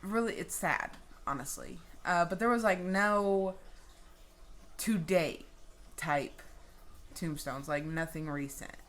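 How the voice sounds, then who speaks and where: A woman vlogger telling a personal story in a casual, animated way, swearing freely. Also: lowish voice, takes it slowly, long pauses.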